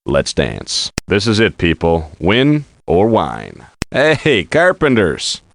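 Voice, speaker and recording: A cocky, wisecracking poker player in a card game, all brash jokes and gloating. His voice sits low but swings widely and lively in pitch. A faint hiss runs under the recording. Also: slow pace, full character voice. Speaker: game character. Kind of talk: game voice clips.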